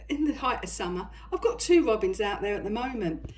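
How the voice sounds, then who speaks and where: An older woman with a husky voice, chatting casually to camera about her crafts as she walks around her kitchen holding the phone. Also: on the high side, a little mellow, a little hiss or hum. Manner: chatty, rambling, talks to her cat and viewers. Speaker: craft vlogger. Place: home kitchen, indoors.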